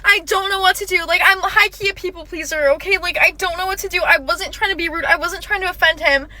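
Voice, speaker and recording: A woman's voice: extremely high pitch, fast talker, pushed and bright. A young woman telling a dramatic personal story in a chatty, emphatic way. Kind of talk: casual storytime.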